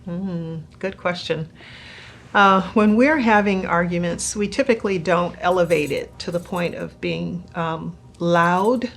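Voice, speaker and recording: A middle-aged woman, a pastor's wife, speaking gently and softly with frequent laughter in a conversational Q&A about marriage. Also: lowish voice, a little slow.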